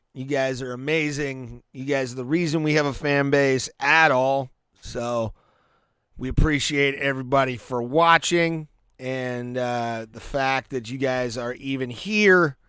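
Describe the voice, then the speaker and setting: A man's voice: mid-range voice, sharp tone, clean tone, no echo, studio quality. A man hosting a live stream, giving laid-back play-by-play and reactions to fights, with fillers and restarts. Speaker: podcast host.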